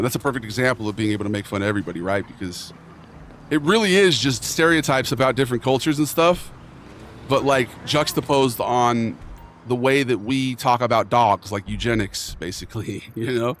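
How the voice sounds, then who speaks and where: Young male streamer, slangy rambling chat, average pitch, faint traffic behind. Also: fairly quick. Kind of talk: casual live-stream chat.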